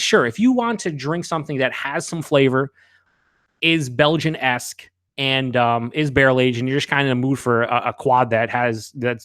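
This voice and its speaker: A man's voice: mid-range voice, a bit bright, dry recording, studio quality. A man hosting a live beer review. He talks casually and candidly, rambles with fillers, swears now and then, and reads out viewers' chat comments.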